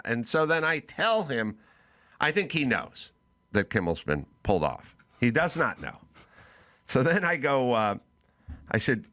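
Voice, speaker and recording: A male podcast host tells an anecdote with a bright, energetic edge. His pitch swings widely as he acts out both sides of the conversation, climbing into excited near-shouts. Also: measured pace, pauses often. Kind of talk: animated comic storytelling.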